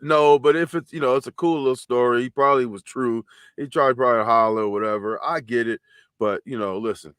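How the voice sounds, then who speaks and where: A man's voice: mid-range voice, steady tone, brisk, fairly bright tone, clear, resonant tone, no echo, studio quality. A male show host giving casual reaction commentary, laid-back and easygoing, often repeating himself.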